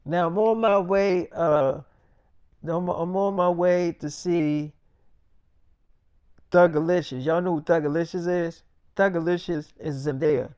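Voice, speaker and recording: A man's voice: a little high, fairly even intonation, unhurried, pauses often, darkish tone, clear, resonant tone, dry recording. A young man telling a rambling freestyle story in a casual way, repeating the same fillers. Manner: rambling, repeats "I'm like, she's like".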